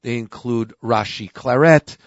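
A man's voice: mid-range voice, measured pace, dry recording, highs cut off. A man hosting a casual wine talk show, explaining wines in a talkative way and often repeating his words. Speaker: host, wine expert. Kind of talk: casual chat.

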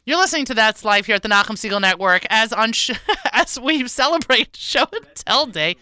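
A woman hosting a live radio talk show, chatting and joking playfully with quick asides and frequent laughter. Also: on the high side, animated, bright, forceful tone, clean tone, no echo.

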